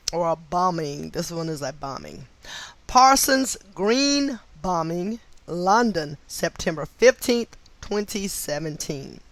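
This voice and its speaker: A woman's voice: lowish voice, no room sound. A woman reading a nonfiction book aloud, stopping to spell out names letter by letter and add short asides of her own. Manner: spells out names letter by letter, interjects brief agreement. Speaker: book reader.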